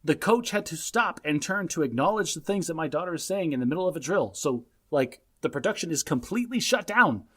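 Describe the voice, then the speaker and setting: A man's voice: a little high, lively intonation, brisk, hardly any pauses, sharp tone, breathy edge. A man in his thirties co-hosting a casual podcast, telling a parenting story in an emphatic, lecturing way. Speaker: podcast co-host.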